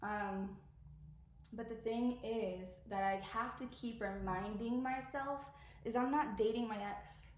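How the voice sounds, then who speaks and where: A woman's voice: fairly high pitch, slow pace, darkish tone, roomy sound, a little hiss or hum. A woman in her thirties hosting a podcast, chatting candidly and rambling, swearing freely, her throat irritated by allergies. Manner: rambling, confiding, swears freely, talks straight to listeners. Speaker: podcast host. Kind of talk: candid casual chat.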